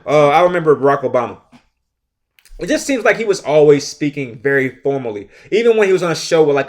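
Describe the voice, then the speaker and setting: Emphatic man, slightly high voice. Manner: emphatic, repeats points, checks in with "all right?"; acts out his own classroom lines. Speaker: teacher hosting a podcast. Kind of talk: podcast monologue with advice.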